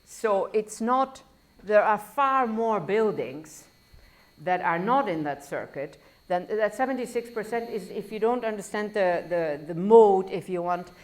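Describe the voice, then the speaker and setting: A woman's voice: medium pitch, lively intonation, measured pace. Woman lecturing with a foreign accent. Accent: foreign accent in English. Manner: discursive, self-correcting, wry asides. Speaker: professor. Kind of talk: university lecture.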